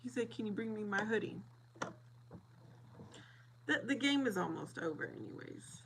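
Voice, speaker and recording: A middle-aged woman chatting casually with viewers, animated and laughing often as she acts out both sides of a story. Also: medium pitch, normal speed, creaky, background noise.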